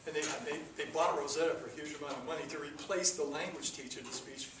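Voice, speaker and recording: A man's voice: a little high, fast. A man teaching a programming class, explaining step by step with many fillers and restarts. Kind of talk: classroom lecture. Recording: echoey room from far off, noisy.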